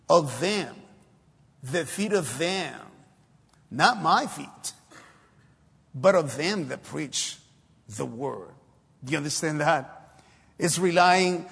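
A man's voice: fairly high pitch, a little slow, vocal fry, breathy edge. A man preaching a sermon in a church, hesitant with many fillers but breaking into emphatic exhortations. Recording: long hall reverb.

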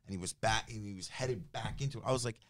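Getting worked up as he tells a story, a business development director with a New Jersey accent voices both sides of phone calls in casual conversation. His voice sits on the low side and moves at a quick pace.

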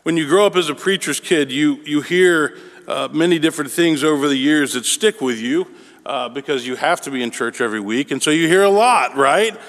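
An earnest male pastor delivers a sermon at a measured pace, drawing out the words he wants to land. His voice sits a little high. A long reverb trails behind him, as in a large church. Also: fairly bright tone. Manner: measured and earnest, with drawn-out emphasis.

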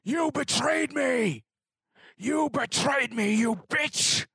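A man voicing a despairing character who rails at fate with shouts and bitter laughter, in a tabletop role-play. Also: fairly high pitch, sing-song, takes it slowly, husky, dry recording, clean studio sound, full character voice. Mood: raging.

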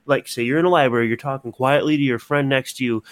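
A man's voice: mid-range voice, steady tone, fast. A young man, co-hosting a podcast, ranting expressively about annoyances and swearing casually. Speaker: podcast co-host. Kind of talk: casual chat. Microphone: studio microphone.

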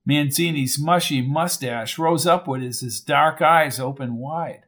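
This audiobook narrator, a man whose voice sits a little high for a male, reads a crime novel from a script. His delivery is steady and measured, holding an even storytelling pace through each scene.

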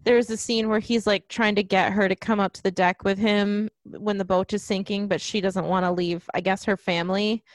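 A woman's voice: medium pitch, little pitch movement, moderate pace, hardly any pauses, no room sound. A young woman in casual chat about a film, chatty and laughing at her own jokes.

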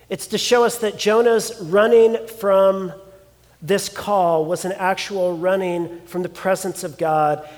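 A man preaching a sermon, telling a scripture story with expressive emphasis. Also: high voice, long reverb tail. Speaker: pastor.

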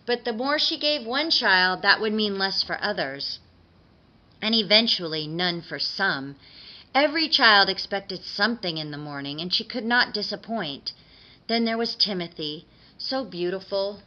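A woman reading a dark story aloud in an expressive, dramatic way, on a dull lo-fi recording. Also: medium pitch.

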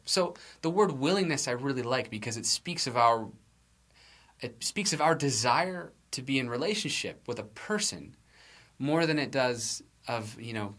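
Lively, bright-voiced male pastor preaching. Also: mid-range voice, moderate pace. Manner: conversational, self-deprecating, frequent restarts and light laughs. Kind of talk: sermon.

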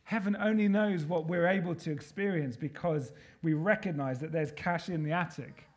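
Male preacher with a high voice, emphatic sermon delivery, call-and-response with the congregation. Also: moderate pace.

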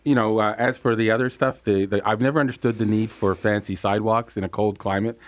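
Fast-talking, low-voiced male panelist. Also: steady tone. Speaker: radio panelist, former official. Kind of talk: radio panel talk.

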